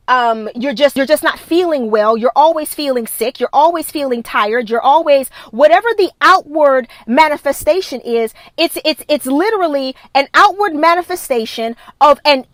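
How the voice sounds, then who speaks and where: A bright, high-pitched female voice, recorded dry. She's a wellness coach live-streaming a motivational talk into her phone, hammering her points home with emphatic repetition and preachy insistence.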